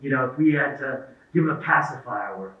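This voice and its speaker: A man's voice: mid-range voice, animated, fairly quick. A middle-aged man giving a talk to parents, telling anecdotes and acting out the dialogue in them. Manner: storytelling, acts out quoted dialogue. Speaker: guest speaker. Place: event hall. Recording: echoey, distant, phone-like lo-fi sound.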